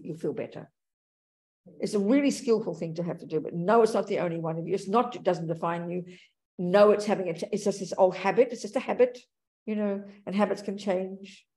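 A woman's voice: medium pitch, darkish tone. A woman Buddhist teacher giving a dharma talk and answering audience questions, speaking frankly and calling people darling and sweetie.

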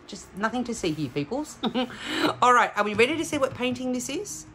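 Bright-voiced woman unboxing. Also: fairly high pitch, sing-song, moderate pace, faint music behind. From Australia. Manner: chatty, talks straight to viewers. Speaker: diamond painting channel host. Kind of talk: casual unboxing vlog.

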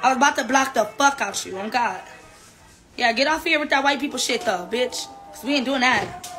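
A woman's voice: sits high, brisk, a bit bright, soft background music. A woman, talking bluntly and profanely on a casual live stream from her phone. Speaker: livestreamer.

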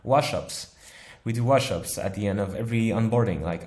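A man who works as a software engineer answering interview questions in a thoughtful, easygoing way, often laughing. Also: fairly low pitch, normal speed. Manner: thoughtful, laughs easily, uses analogies.

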